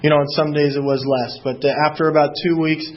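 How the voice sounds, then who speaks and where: A man speaking at a recovery meeting, telling his story in a halting way with many fillers and restarts. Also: a little high, little pitch movement, muffled recording. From Southern California.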